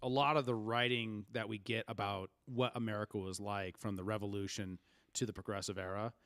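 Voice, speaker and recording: A man's voice: on the low side, steady tone, a little fast, a bit bright, no echo. Explaining man on a dry mic. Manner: explanatory, lecturing. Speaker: podcast co-host. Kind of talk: casual chat.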